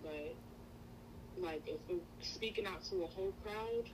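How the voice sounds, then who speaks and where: A woman guest speaking in a relaxed faith conversation, hesitant and thoughtful, leaning on fillers. Her voice is fairly low. A clear hiss sits under the recording. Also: a little slow. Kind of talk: casual faith chat.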